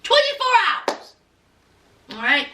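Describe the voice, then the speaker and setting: A high-pitched woman gives a slow, chatty recap of a reality show, full of sass and asides to her viewers. She acts out what the people on the show said with big jumps in pitch and loudness. She sits a little away from the mic, and the room echoes. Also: huge pitch swings, distant mic, slight background noise. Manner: sassy and chatty, addressing viewers as y'all and honey; acts out quotes with big swings in pitch and volume. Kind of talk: casual recap commentary.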